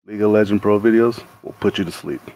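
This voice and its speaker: A man's voice: fairly low pitch, fast talker, a little mellow, low-quality recording. A young man in a casual group call, making dry teasing remarks and mock-host asides.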